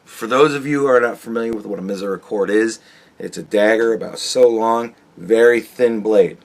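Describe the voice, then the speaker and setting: A man hosting a podcast, talking casually in a rambling, profane monologue that jumps between loud outbursts and low mutters. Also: normal speed. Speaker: podcast host.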